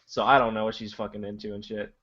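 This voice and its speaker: A man's voice: lowish voice, flat delivery, quick pace, a bit bright. Teen male caller, rambling, cussing, dull lo-fi call audio. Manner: rambling, filler-heavy, swears casually. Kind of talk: telling a personal story. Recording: lo-fi voice chat audio.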